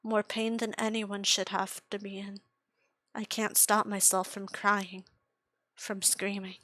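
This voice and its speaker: A young woman reading her own dark first-person story aloud, slow and anguished, often dropping to a whisper. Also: medium pitch, flat delivery, no room sound.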